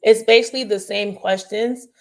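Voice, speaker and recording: A woman's voice: mid-range voice, steady tone, normal speed. Candid, rambling woman care provider. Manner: rambling, candid, frequent fillers and restarts. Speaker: early childhood care provider. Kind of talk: casual talk to parents.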